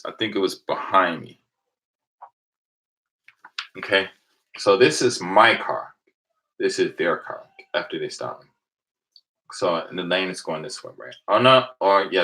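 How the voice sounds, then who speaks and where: A man from the United States hosts a casual channel, chatting with viewers and telling stories while acting out the exchanges he quotes. His voice is low-pitched, pushed and bright, and the audio quality is poor.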